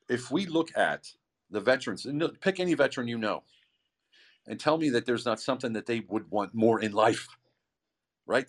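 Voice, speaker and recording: A man and veteran entrepreneur giving an earnest, impassioned talk on an online call, with frequent restarts. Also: mid-range voice. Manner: earnest, stumbling restarts, swings between loud and quiet. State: getting emotional. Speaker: veteran entrepreneur, visionary of the project.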